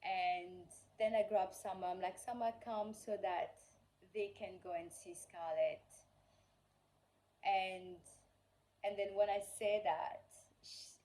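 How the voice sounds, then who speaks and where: Speaking slowly in a dark-toned, medium-pitched voice with fairly even intonation, a woman vlogger rambles through a personal story. She's full of fillers such as "like" and "you know" and performs the quoted lines herself. The recording is rough.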